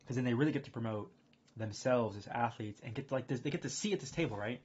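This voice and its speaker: Guy rambling fast on his stream, kinda husky, muffled audio. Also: mid-range voice. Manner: rambling, excitable, lots of fillers and restarts. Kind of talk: casual chat to a live stream.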